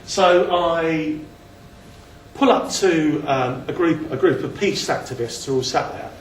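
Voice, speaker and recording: A man's voice: a little high, a little slow, slight background noise. Chatty man in an echoey hall. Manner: chatty, self-deprecating, with frequent restarts and chuckles. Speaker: speaker giving a talk. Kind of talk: casual talk with slides. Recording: echoey room, mic at a distance.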